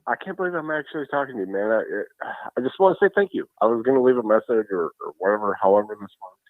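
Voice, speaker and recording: A man with a Minnesota accent calling in to a podcast, rambling and halting after a couple of drinks. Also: fairly low pitch, expressive, dry recording. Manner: rambling, halting, a little tipsy. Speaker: caller. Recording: phone-line call.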